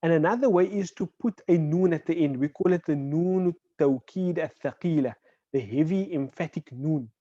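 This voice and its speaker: A man teaching an online Arabic class. He explains patiently, checks in with "right?" and says example words slowly. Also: a little high, mellow, no echo. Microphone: video call. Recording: dull, dry online call audio.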